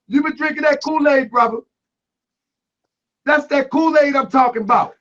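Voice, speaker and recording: Guy hosting a call-in show, really high voice, pushy and emphatic, kinda dull lo-fi sound. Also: normal speed, a bit bright. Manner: emphatic, keeps calling people brother, raises his voice. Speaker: talk show host taking callers. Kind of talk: heated call-in debate. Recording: lo-fi online broadcast audio.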